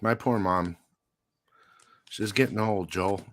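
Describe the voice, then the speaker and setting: A man's voice: on the low side, slow pace, a bit bright. A man hosting a live comic book show, telling a story casually with profanity, frequent laughs and lots of "dude".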